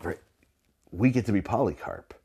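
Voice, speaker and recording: A man's voice: lowish voice, sing-song, moderate pace, vocal fry, dark tone, slight background noise. A man preaching in a conversational storytelling way, often restarting sentences with fillers and laughing as he goes. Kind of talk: sermon storytelling.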